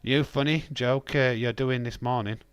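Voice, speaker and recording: A man's voice: mid-range voice, fairly even intonation, moderate pace, smooth, no echo. An English man, a young adult, hosting a casual live stream, joking and bantering with viewers in the chat. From England. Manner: jokey, banters with chat, bursts of laughter and loud exclamations.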